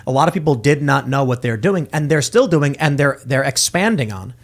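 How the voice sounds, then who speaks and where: A man's voice: medium pitch, animated, a little fast. A man hosting a political talk show, arguing his point emphatically in casual chat. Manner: emphatic, argues with acted-out quotes. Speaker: podcast host.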